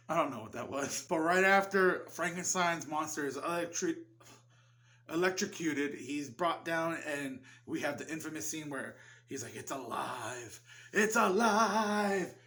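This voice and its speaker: A man's voice: a little high, sharp tone. A man giving a casual film review, rambling loosely and swearing freely. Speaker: movie reviewer.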